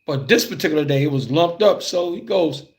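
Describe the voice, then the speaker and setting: Animated man telling a childhood story. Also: a little high, fairly quick. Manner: animated, loose and conversational, acting out scenes. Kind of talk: casual spoken storytelling.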